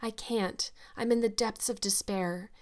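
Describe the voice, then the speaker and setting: A woman's voice: a little high, fairly even intonation, measured pace, darkish tone, natural voice. A woman voicing a talkative, dreamy orphan girl of about eleven who speaks in an eager, dramatic way.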